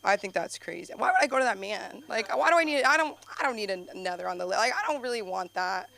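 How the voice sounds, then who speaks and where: Chatty, bright-voiced young woman doing stand-up. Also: fast, creaky. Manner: rambling, filler-heavy and chatty, with sudden high excited bursts. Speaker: stand-up comedian. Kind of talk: open mic stand-up set. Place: comedy club stage.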